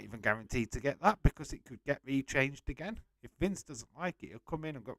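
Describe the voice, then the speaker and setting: Talking fast with few pauses, a man with a mid-range, slightly bright voice and lively intonation hosts a live wrestling watch-along, with no echo. He's blunt and casual, swearing freely, greeting viewers, and reading out their comments.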